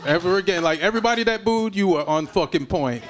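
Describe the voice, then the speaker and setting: A man's voice: high-pitched, animated, fast talker, over loud music. A male comedy show panelist teasing a comic, blunt and profane.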